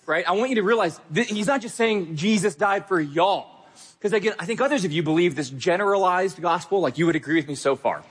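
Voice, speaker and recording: A man's voice: high voice, brisk, slightly rough. A young adult man preaching a sermon as pastor, earnest and emphatic, speaking straight to his listeners.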